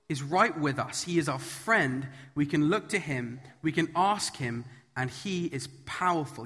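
A man with a slightly high, fairly bright, husky voice delivers a children's message as a sermon. He is earnest and emphatic, building points through repetition, and the church hall gives the recording a long reverb.

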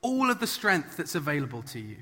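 A man voicing a patient father who gently questions his young son, in a hall with long reverb. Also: a little high, brisk, exaggerated voice. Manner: calm, repeats the same question.

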